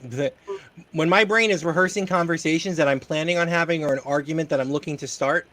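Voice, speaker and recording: A man's voice: a little high, fast, a bit bright, a little hiss or hum. A man hosting a casual chat show, telling stories in a rambling way with casual swearing. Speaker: host.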